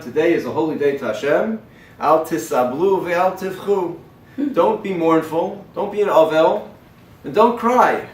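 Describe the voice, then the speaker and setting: A male rabbi teaching a sermon-style class who quotes verses and translates them, swinging between loud emphatic lines and quiet hushed ones. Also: a little high. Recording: echoey room, mic far off, faint noise.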